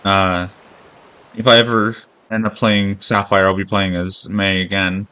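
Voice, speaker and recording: A man's voice: sits low, little pitch movement, measured pace, sharp tone, clean tone, rough recording. A man streaming a video game, rambling in casual commentary with sarcastic jokes and frequent swearing.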